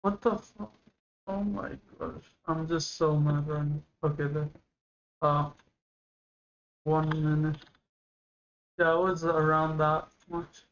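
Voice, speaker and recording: A man's voice: a little high, level tone, slow pace, long pauses, lo-fi sound. Rambling teenage male streamer. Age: late teens. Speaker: livestreamer reacting to a video. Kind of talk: casual rambling chat.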